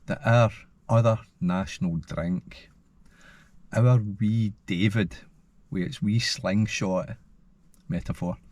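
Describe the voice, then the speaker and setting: Scottish male vlogger, low slow delivery, chatty and rambling, proud and passionate. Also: fairly even intonation, a little mellow, no echo. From Scotland. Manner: rambling, passionate, with frequent ums. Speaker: hillwalking vlogger. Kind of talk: casual vlog monologue.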